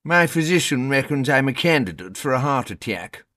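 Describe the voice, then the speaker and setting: A man's voice: mid-range voice, expressive, normal speed, pushed and bright, no room sound, clean studio sound. A man voicing a sneering, hard-drinking, nervous blond male politician in a read-aloud story. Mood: gruff. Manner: sneering, curt.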